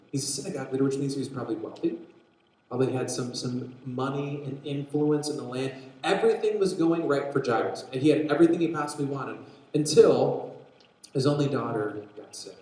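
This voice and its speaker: A young man teaching a Bible story to young people, telling it with animated energy and acting out voices. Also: mid-range voice. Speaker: youth pastor. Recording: very echoey room.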